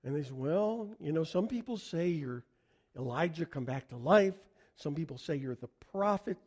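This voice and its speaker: A man's voice: high-pitched, darkish tone. A middle-aged man from the United States preaching a sermon in a conversational way, asking the congregation questions. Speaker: pastor.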